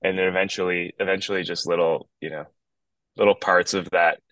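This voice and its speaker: A very low-voiced man from Northern Ontario in a relaxed, rambling podcast chat, often restarting his sentences. He talks from his backyard over a video call. The sound is dry and close. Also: fairly quick, no room sound, low-quality recording. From Northern Ontario, Canada. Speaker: guest musician.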